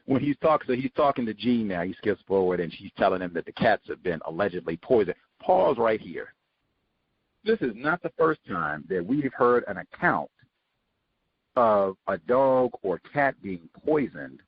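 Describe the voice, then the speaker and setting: Husky lively man, lo-fi radio audio. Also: fairly low pitch, normal speed. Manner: sarcastic, animated asides. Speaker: host. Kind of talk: book study commentary.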